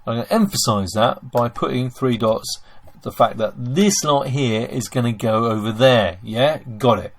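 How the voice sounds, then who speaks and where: A man teaching German grammar in a screen-recorded lesson, explaining step by step and calling his viewers ladies and gentlemen. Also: medium pitch, expressive, a little slow, a little hiss or hum.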